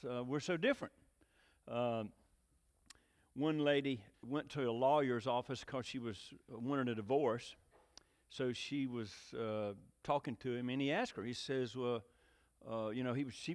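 A man preaching a joking, folksy sermon, often rising into emphatic bursts. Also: medium pitch. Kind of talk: sermon with jokes. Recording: long reverb of a hall.

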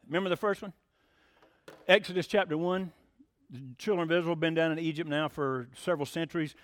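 Male preacher, high-pitched, folksy and excitable, close dry recording. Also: dry recording. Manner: excitable, rising to near-shouting, rhetorical questions; folksy, plain-spoken. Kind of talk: sermon.

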